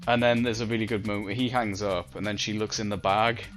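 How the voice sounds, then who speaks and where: Lower-voiced man in wry casual chat. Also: steady tone, fast, a bit bright, faint music behind. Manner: wry, acts out characters' lines when retelling. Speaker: podcast co-host. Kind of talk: casual chat recapping a cartoon.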